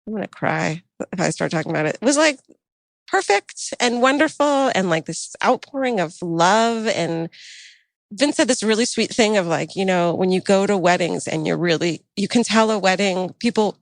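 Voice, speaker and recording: A woman's voice: medium pitch, expressive, normal speed, dry recording. A woman co-hosting a podcast in casual chat, talking candidly and gushing, swearing freely, close to the mic. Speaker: podcast co-host.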